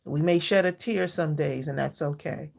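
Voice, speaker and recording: A woman's voice: low voice, normal speed, creaky, a little mellow. A woman in her sixties hosting a live craft stream, chatting heartfelt with viewers, greeting them by name and laughing often. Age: 60s. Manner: laughs often between thoughts. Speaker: livestream craft channel host.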